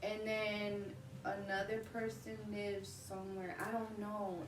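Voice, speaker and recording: A woman in her thirties, a vlog host, telling a personal story in casual, animated chat and often breaking into laughter. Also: medium pitch, measured pace, noisy background. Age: 30s. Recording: roomy, distant mic, faint ambience.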